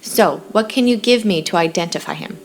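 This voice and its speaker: A woman's voice: on the low side, fairly quick, gravelly, slight background noise. A woman reading the lines of a friendly, teasing homeless man in a short story, in a raised, lilting voice. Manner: light teasing banter.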